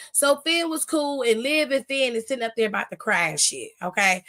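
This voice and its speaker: Animated woman recapping, slangy and laughing. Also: on the high side, normal speed. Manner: animated storytelling, slangy, acts out quotes, laughs often. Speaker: wrestling recap host. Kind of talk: casual recap commentary.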